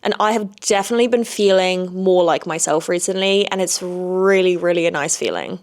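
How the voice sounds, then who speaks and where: A woman's voice: fairly low pitch, normal speed. Blunt, sweary woman podcaster. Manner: blunt and frank, swears freely, repeats "okay?" for emphasis. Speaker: podcast host. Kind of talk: casual solo podcast monologue.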